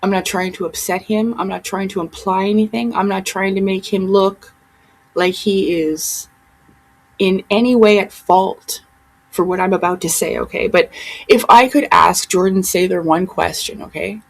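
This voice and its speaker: Woman vlogger, mid-range pitch, lots of vocal fry, profane, rambling rant. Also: a little slow, low-quality recording. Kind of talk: casual ranting monologue.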